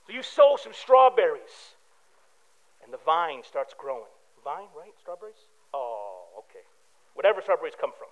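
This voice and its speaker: A man's voice: fairly high pitch, sing-song, moderate pace, lo-fi sound. A man preaching a sermon with emphatic rhetorical questions and joking asides. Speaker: pastor.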